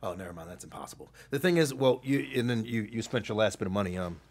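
A husky, condescending middle-aged relationship consultant, as a man puts him on, mocking his caller with a voice that swoops from loud scorn to a hushed murmur. It is a comedic impression on a live stream. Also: lowish voice, animated, fast. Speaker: stream host.

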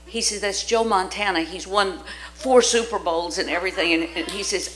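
A woman's voice: on the low side, moderate pace, fairly bright tone, rough recording. An older woman preaching in church, telling stories with lots of energy, acting out the voices she quotes and laughing often. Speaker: guest preacher. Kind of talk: sermon with storytelling. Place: church sanctuary.

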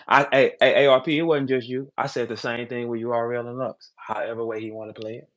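A man, a battle rapper, delivering a heated, confrontational call-out, jumping between shouting and low muttering. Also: steady tone, a little fast, hardly any pauses. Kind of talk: heated trash talk call-out.

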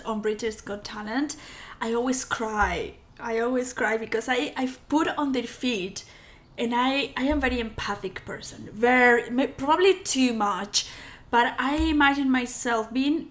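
A woman's voice: a little high, a bit bright. A woman hosting a reaction video, talking casually and gushing with emotional exclamations as she watches.

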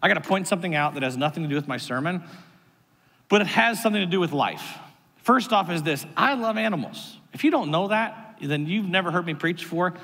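A man in his thirties, a pastor preaching a sermon with animated storytelling and sudden jumps in pitch, heard in a church sanctuary. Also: a little fast. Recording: long reverb of a large hall.

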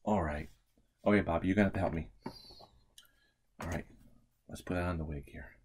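A man teaching a remote preschool lesson, playful and animated, swinging from hushed to excited. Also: low-pitched, moderate pace, slight background noise.

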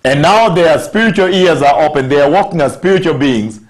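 A man preaching a sermon, stressing scripture words emphatically and slowing down on key phrases. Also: on the high side, expressive.

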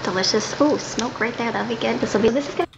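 Fast rambling woman in a noisy kitchen. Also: a little high, creaky, reverberant, dull audio. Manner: rambling, chatty narration of cooking. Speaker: home cooking vlogger. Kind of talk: chatty cooking vlog clip.

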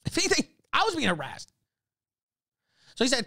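A man's voice: high voice, huge pitch swings, a little fast, pauses often, a bit bright, no room sound. A man hosting a livestream, ranting in heated, profane casual talk and breaking into laughs. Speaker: livestream host.

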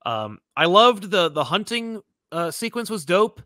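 A man co-hosting a casual movie chat, rambling and animated, full of fillers and restarts, slipping into mock voices to quote people. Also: sits high, measured pace, no echo, studio quality. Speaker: podcast co-host.

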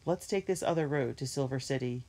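A woman voicing a calm, responsible older brother who takes charge, in a storybook reading. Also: very deep voice, brisk. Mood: relieved.

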